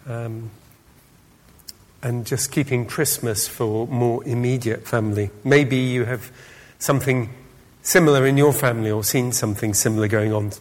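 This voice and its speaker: A man giving an informal sermon, chatty and hesitant with many ums, speaking directly to his congregation. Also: medium pitch. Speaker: preacher. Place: church. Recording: long church reverb.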